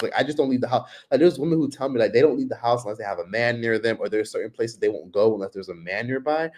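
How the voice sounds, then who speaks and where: A man's voice: expressive, fast, hardly any pauses, a little mellow. Man livestreaming from his laptop, casual and rambling. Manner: chatty, frequent "like", mimics others in high voices. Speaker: livestream vlogger.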